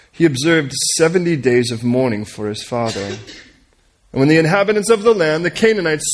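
A man reads scripture to a group in a plain, earnest voice, his pitch in the middle of the range. He moves through the passage at an unhurried pace and sometimes stumbles and corrects himself. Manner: earnest reading with stumbles and corrections, coaxes listeners to repeat names. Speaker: Bible teacher. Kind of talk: reading scripture aloud and leading prayer.

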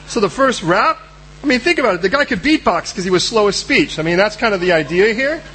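A man preaching a sermon in a lively, animated way, acting out the voices of Bible figures. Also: high voice, quick pace, low-quality recording.

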